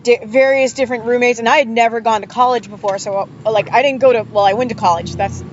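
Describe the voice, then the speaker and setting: A woman's voice: a little high, fairly even intonation, fast talker, highs cut off, slight background noise. A woman guest on a podcast, chatting casually and rambling through loose anecdotes, recorded outdoors by a pool. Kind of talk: casual chat.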